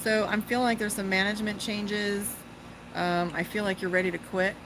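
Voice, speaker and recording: A woman gives a casual tarot reading on a live stream. She is chatty and swears freely, and her voice sits in an ordinary middle pitch. Clear traffic noise and outdoor ambience run behind her. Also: flat delivery, moderate pace. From Las Vegas, USA. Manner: chatty, profane, breaks off to talk to her dog. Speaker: tarot reader and psychic. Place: outdoors by a pool.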